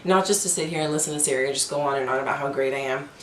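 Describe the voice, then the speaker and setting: A woman's voice: extremely low pitch, very fast, slight background noise. A young woman co-hosting a casual best-friend video, talking in a joking, sarcastic way. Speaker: co-host. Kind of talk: casual chat. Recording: echoey room.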